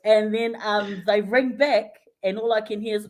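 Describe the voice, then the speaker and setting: A woman with a New Zealand English accent, a guest in a casual radio interview, telling a story lively and acting out the people she quotes. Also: mid-range voice, normal speed. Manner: lively storyteller who acts out quoted voices, often laughing. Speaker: interview guest, community health worker.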